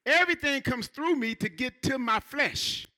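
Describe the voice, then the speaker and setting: A man preaching a church sermon, animated, with playful asides and acted-out quotes. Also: very high voice, normal speed. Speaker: pastor.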